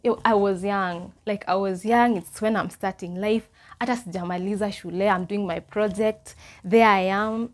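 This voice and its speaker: A young Kenyan woman vlogger, speaking with a Kenyan accent, recounts a personal story in a casual, animated manner. She mixes Swahili phrases into her English, at medium pitch and normal speed.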